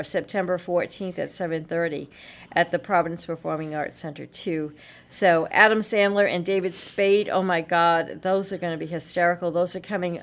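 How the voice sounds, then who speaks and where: A woman hosting a local radio show, chatting casually through event listings with lots of fillers and small laughs. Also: on the low side. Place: radio studio.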